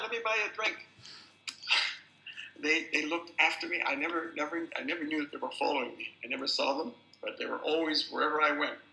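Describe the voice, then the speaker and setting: At a festival screening venue, an older male film director introduces a film with anecdotes, a lively storyteller who repeats words when he restarts. His voice is medium-pitched with vocal fry, and the recording has a roomy hall sound.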